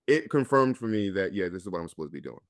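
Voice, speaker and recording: A man's voice: deep voice, very animated, fast, no room sound, clean studio sound. A man from North Carolina, an actor guest, earnestly and candidly telling his own story in a conversation.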